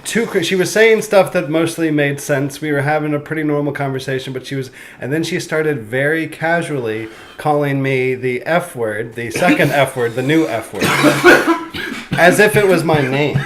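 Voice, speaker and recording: An animated man spins stories in a relaxed chat, laughing as he goes. His voice sits a little high. Faint background noise hums under the recording. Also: moderate pace. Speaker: comedian. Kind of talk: casual storytelling chat.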